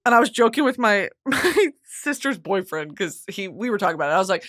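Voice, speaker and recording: Lively, animated young woman. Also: medium pitch, fast talker. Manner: animated, expressive, swears freely. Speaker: podcast host. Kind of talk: casual chat.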